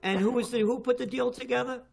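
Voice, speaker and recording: An older man giving heated, emphatic political commentary in a talk show, his voice often rising loud. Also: very high-pitched, fairly even intonation, quick pace, vocal fry. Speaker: guest commentator.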